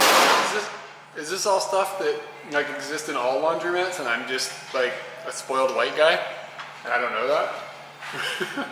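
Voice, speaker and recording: A young man talking casually to his camera as a travel vlogger, chatty and amused, laughing often between phrases. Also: mid-range voice. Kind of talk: casual vlog chat to camera. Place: laundromat and outdoor travel spots. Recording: noisy background with passing vehicles.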